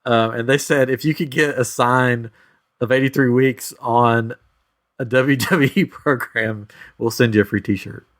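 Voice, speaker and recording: A man's voice: medium pitch, steady tone, measured pace, a bit bright. A man co-hosting a podcast, chatting casually and joking, laughing often. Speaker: podcast co-host. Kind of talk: casual chat.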